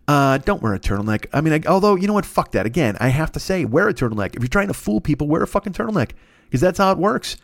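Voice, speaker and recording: A man with a fairly high voice rants through a solo comedy podcast, swearing freely. He swings his pitch all over the place as he rambles from one riff to the next. The sound is dry and close, with no room around him. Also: fast talker, gravelly, no echo. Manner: profane, rambling, excitable rant. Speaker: podcast host.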